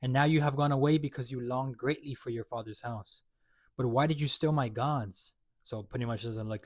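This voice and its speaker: A host walks through a Bible chapter in a medium-pitched, slightly mellow voice at a moderate pace, with no room sound at all. He reads the verses aloud, then retells them in loose, slangy everyday language full of fillers and restarts, making it a casual reading with commentary.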